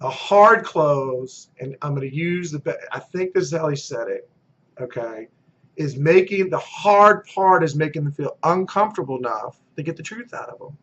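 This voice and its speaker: A man's voice: fairly high pitch, animated, normal speed, a bit bright, highs cut off. A man giving a motivational sales coaching talk. He is emphatic, repeats his key phrases and acts out short role-play exchanges. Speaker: real estate team recruiter.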